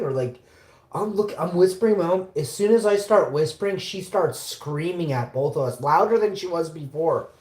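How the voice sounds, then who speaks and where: A woman from Winnipeg, telling a story on a casual livestream, animated and swearing, acting out the quotes. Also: deep voice, roomy sound. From Winnipeg, Canada.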